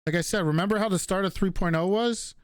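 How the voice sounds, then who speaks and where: A man's voice: high-pitched, quick pace, clear, resonant tone, dry recording, clean studio sound. A man from the Northeastern US with a slight regional accent, chatting casually with stream viewers, reading out their questions and answering offhandedly with casual swearing. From Northeastern United States.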